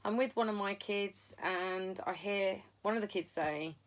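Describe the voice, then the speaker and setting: Middle-aged woman, live-stream diarist, blunt and a little sweary, loose storytelling delivery at an ordinary pitch. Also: a little slow. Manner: frank and sweary, talks in loose run-on sentences with many ums. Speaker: video diarist.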